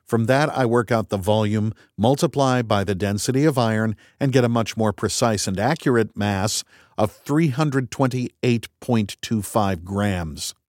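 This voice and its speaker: Wry low-voiced male audiobook narrator. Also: measured pace, darkish tone, dry recording. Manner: dry, wry and methodical. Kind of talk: first-person scripted narration.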